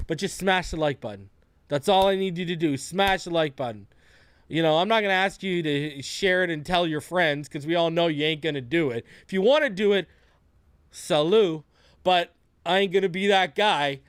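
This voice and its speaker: A man hosting a casual live stream, greeting viewers one by one in a relaxed, slangy way. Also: on the high side, moderate pace, smooth, no room sound. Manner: laid-back, greets viewers by name, slangy. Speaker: podcast host. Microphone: close desk mic.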